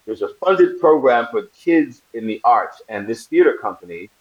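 A man's voice: medium pitch, moderate pace, highs cut off. A man in his forties from Brooklyn, a guest in a casual interview, telling stories and acting out the voices of the people in them. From Brooklyn, New York. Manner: animated storyteller acting out quoted voices, laughing often. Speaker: actor guest.

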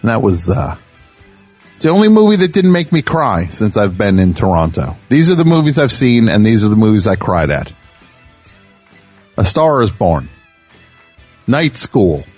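A man's voice: lowish voice, sing-song, moderate pace, pauses often, darkish tone, breathy edge, lo-fi sound, soft background music. A male radio show host rambling through a self-mocking comic monologue with many restarts.

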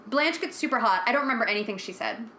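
A woman's voice: on the high side, animated, quick pace, sharp tone, roomy sound, a little hiss or hum. A woman podcast co-host in casual chat, recapping a TV episode, swearing freely and acting out characters' lines.

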